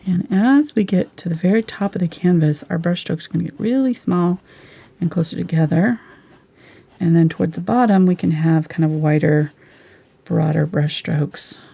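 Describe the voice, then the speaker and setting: A woman giving a live painting lesson, chatty and relaxed, sometimes dropping into soft whispers as she works. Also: fairly low pitch, moderate pace, vocal fry, slightly rough. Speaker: painting instructor.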